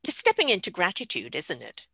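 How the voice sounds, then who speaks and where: A woman's voice: fairly low pitch, wildly swooping pitch, fairly quick, vocal fry, bright, forceful tone, breathy edge, no room sound. A woman hosting a casual conversation, reflective and drawing on personal examples.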